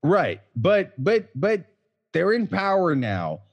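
A man's voice: sits high, huge pitch swings, takes it slowly, dull audio. A drunk man co-hosting a casual podcast, swearing and rambling with slurred words. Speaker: podcast co-host.

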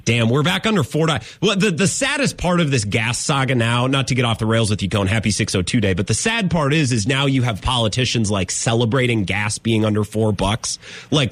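A man's voice: mid-range voice, animated, fairly quick, fairly bright tone, no room sound. A man hosting a sports radio show, talking emphatically and repeating his points for effect. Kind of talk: opinionated sports talk radio.

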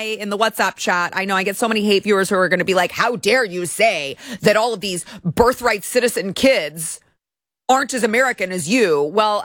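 A woman's voice: mid-range voice, a bit bright, no echo, studio quality. Indignant ranting woman host from Texas. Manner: indignant ranting with many restarts. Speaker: political commentary host. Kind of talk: opinion livestream commentary.

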